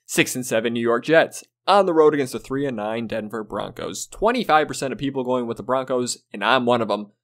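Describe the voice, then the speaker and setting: In his football predictions video, a sports host talks casually in a blunt, profane, exasperated way. His mid-range voice moves briskly with hardly any pauses.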